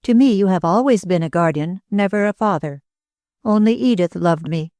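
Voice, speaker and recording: A woman's voice: mid-range voice, normal speed, darkish tone, no room sound, natural voice. A woman voicing a young woman who speaks with hurt, vehement reproach. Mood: reproachful. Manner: vehement, pleading.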